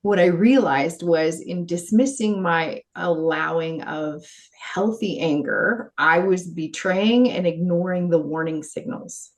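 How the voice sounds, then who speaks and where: Female coach as podcast guest, lowish voice, earnest and animated, laughs easily. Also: takes it slowly. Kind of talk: conversational interview.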